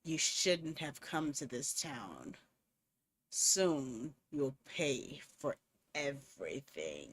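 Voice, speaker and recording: A woman voicing a gruff male phone stalker in a horror game, with a hoarse voice and a slow, low, threatening murmur. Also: big pitch swings, heavily acted. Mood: menacing.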